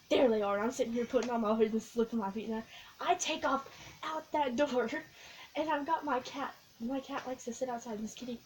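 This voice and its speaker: A young woman vlogging, telling a long, excitable story in a casual, rambling way with lots of giggles. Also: fairly high pitch, poor audio. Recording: faint background noise.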